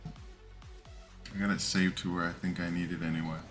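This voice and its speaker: A man's voice: low-pitched, flat delivery, moderate pace, a bit bright. A male streamer chatting casually and muttering to himself while he clicks through settings, with faint music behind him. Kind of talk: casual live-stream chat.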